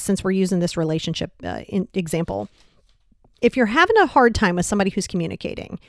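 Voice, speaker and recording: A woman's voice: fairly high pitch, no room sound, studio quality. A woman hosting a solo motivational podcast, talking bluntly and casually and firing off rhetorical questions. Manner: direct, fires rhetorical questions; blunt, casual, with mild swearing. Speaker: podcast host.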